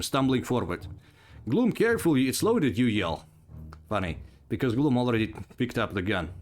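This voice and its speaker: A man reading aloud a text adventure game as a story, with casual asides. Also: mid-range voice. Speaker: player narrating a text adventure.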